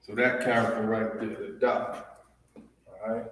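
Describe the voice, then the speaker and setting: A man of middle pitch teaching a language class, pausing often to check in with the room. His voice comes from some distance and echoes through a large hall with a long reverb tail. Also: little pitch movement. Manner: repetitive, checks in with "all right?" after each point. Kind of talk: classroom lesson.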